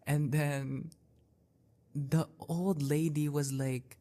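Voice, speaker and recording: A young male podcast host talks through his stories at a slow pace. He is casual and easygoing, with many fillers and restarts. His voice sits at a middling pitch. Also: darkish tone. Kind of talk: casual storytelling monologue.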